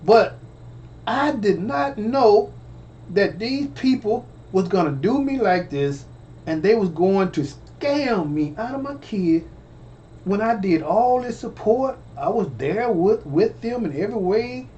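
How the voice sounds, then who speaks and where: A man's voice: high-pitched, expressive, slow, warm tone, lo-fi sound, slight background noise. A man telling a personal story in a casual way, stammering, repeating phrases and calling out to his listeners. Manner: stammering, repetitive, addresses audience directly. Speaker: storyteller vlogger.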